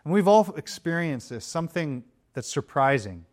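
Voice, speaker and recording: Man preaching a lively sermon. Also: normal speed. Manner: animated storytelling, jumps high for excited quotes. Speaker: pastor.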